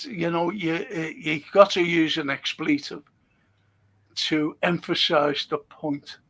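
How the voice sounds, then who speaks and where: A man, a guest telling animated stories, swearing freely and laughing as he goes. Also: fairly high pitch. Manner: animated, swears a lot, laughs mid-story. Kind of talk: casual chat, storytelling.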